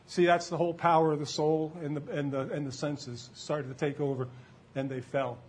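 Higher-voiced man preaching a conversational sermon. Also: flat delivery, normal speed, slightly rough. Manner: conversational, quizzes the congregation with questions. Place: church before a live congregation.

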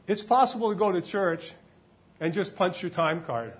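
A pastor preaching a sermon in church, shifting from loud shouts of praise to relaxed, conversational teaching. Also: male voice, sits high, moderate pace.

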